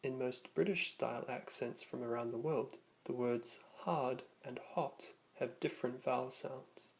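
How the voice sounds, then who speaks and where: A man teaching a lesson, narrating from a script and slowly demonstrating vowel sounds. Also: mid-range voice, gravelly.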